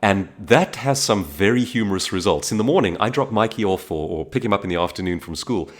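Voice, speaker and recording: South african guy vlogging, lowish voice, pitch jumping all over as he tells stories. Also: fairly quick. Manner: animated storytelling with frequent restarts. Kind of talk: casual monologue to camera.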